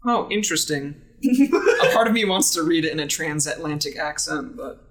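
A man's voice: a little high, moderate pace, a bit bright, low-quality recording. A man playing in a tabletop role-play, joking and then reading a notice aloud. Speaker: player.

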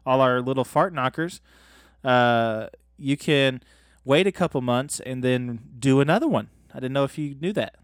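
A man co-hosting a comedy podcast in a relaxed, rambling way, tossing in jokes and filler words as he goes. His voice sits mid-range and sounds close and dry, with no room around it. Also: medium pitch, normal speed, dry recording. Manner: joking, rambling recap with fillers. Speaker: podcast co-host. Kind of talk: casual comedic chat.

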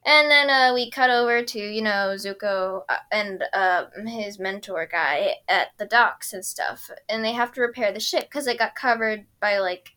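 A woman's voice: medium pitch, moderate pace, few pauses, bright, forceful tone. A young woman casually recapping a cartoon episode, giggling often and briefly mimicking the characters.

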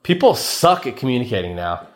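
A man's voice: medium pitch, big pitch swings, fairly quick. A man hosting a casual solo podcast, rambling and joking, laughing often and calling listeners "man" and "baby.". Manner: playful, says "man" and "baby" a lot. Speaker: podcast host.

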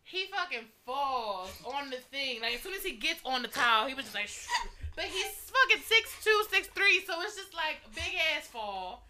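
Woman, casual storytelling, high voice, very bright tone, laughing, acts out quotes. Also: sing-song, normal speed, slight background noise. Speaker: storyteller in a group chat.

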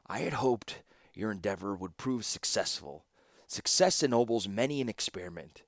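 A man voicing a cold, calculating warlord in an audiobook, speaking slowly and without expression. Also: fairly low pitch, animated, creaky, no room sound, studio quality. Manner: expressionless, measured and slow. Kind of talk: audiobook character voice.

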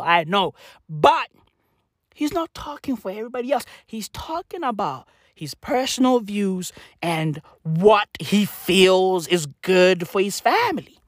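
High, animated young man ranting. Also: no echo, studio quality. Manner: loud, animated, slangy, swears a lot. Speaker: vlogger. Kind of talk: profane comic rant.

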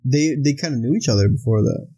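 Young guy talking movies, husky mellow voice, keeps restarting his sentences. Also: medium pitch, low-quality recording. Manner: halting, restarts a lot, laughs between thoughts. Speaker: podcast co-host. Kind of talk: casual movie discussion.

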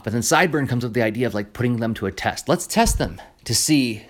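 A man hosting a podcast, telling an episode's story in a casual, animated way with many fillers and restarts. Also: medium pitch, fast talker. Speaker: podcast host. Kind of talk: casual commentary on a cartoon episode.

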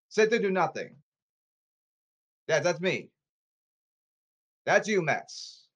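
A man's voice: on the high side, sing-song, slow pace, pauses often, a bit bright, breathy edge. A man delivering an angry, repetitive rant, scolding and demanding, often stumbling over his words.

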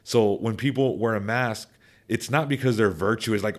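Young guy, kinda low voice, rambling podcast talk, lots of restarts and "like"s. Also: moderate pace. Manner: rambling, many restarts and repeated words, animated asides. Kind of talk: casual opinion chat.

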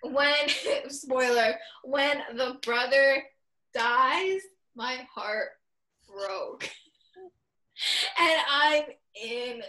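Young woman w/ a high bright voice, chatty, laughs a lot, lots of "like". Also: very slow. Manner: animated storyteller, laughs often, says "like" a lot. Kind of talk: casual chat.

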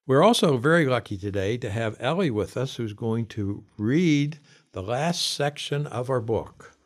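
A man's voice: mid-range voice, lively intonation. A man teacher giving vocabulary clues to a class, reading each definition and then repeating it. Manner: repeats definitions slowly and clearly. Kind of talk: vocabulary lesson.

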